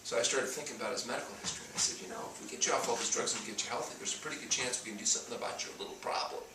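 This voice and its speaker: A man's voice: medium pitch, racing, background noise. A man giving a talk on health to an audience, telling stories and acting out the people in them. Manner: storytelling, acts out dialogue. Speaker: doctor giving a talk on fasting. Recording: echoey room, mic at a distance.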